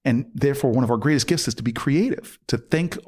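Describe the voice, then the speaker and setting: A man's voice: medium pitch, fast talker, a little mellow. A man in his forties telling a personal story in a casual interview, acting out both sides of the argument. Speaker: podcast guest.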